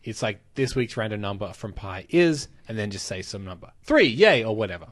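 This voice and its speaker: A man's voice: on the low side, brisk. A man co-hosts a chatty comedy podcast in a loose, laid-back way. He reads listener questions aloud and laughs easily along the way. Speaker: podcast co-host. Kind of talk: casual chat.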